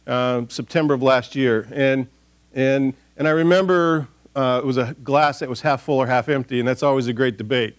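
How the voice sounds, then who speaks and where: A man's voice: mid-range voice, brisk. A middle-aged man serving as pastor, giving a casual, folksy sermon and prayer in church, rambling with frequent restarts and fillers. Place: church sanctuary.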